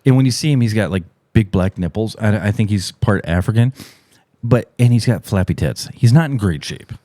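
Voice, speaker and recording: A middle-aged man hosting a podcast, telling a profane, animated story in casual chat. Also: brisk, no room sound. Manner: profane, animated storyteller, voice jumps high and loud when acting out shouts. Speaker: podcast host.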